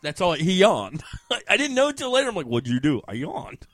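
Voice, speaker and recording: A man's voice: high-pitched, wildly swooping pitch, fairly quick, fairly bright tone, no echo. A man telling a casual story, often laughing and acting out what other people said.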